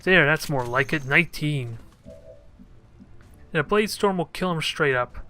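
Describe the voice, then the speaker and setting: Man, somewhat high voice, bright and forceful tone, casual gameplay commentary, thinks aloud, jokes at his units. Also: animated, measured pace, faint music behind. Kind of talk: casual let's play commentary.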